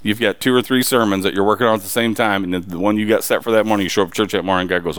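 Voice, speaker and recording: A man's voice: on the low side, steady tone, very fast, hardly any pauses, fairly bright tone, no room sound. A man preaching a sermon, emphatic and pressing the congregation with rhetorical questions.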